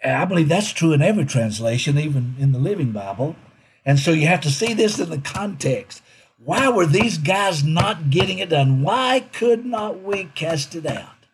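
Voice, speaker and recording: A middle-aged pastor, preaching a sermon, repeating key lines and jumping up in pitch when he quotes people. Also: animated, normal speed, a little hiss or hum. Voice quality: very husky, breathy voice.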